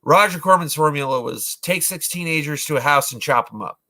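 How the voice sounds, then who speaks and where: Bright-voiced rambling man in his forties. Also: on the high side, a little fast. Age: 40s. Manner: rambling, with many fillers and restarts. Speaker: vlogger, movie reviewer. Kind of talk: casual retelling of films.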